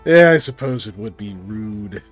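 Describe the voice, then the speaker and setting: A man voicing a gruff male lead wolf of a pack, speaking low and muttering as he sizes up a stranger. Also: lively intonation, moderate pace, faint music behind. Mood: suspicious.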